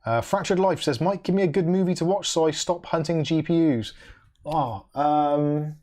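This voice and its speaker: A man with a fairly high, darkish voice talks at normal speed while hosting a casual livestream. He reads viewer messages, reacts dryly, and hums "da da da" to himself between comments in a chatty way.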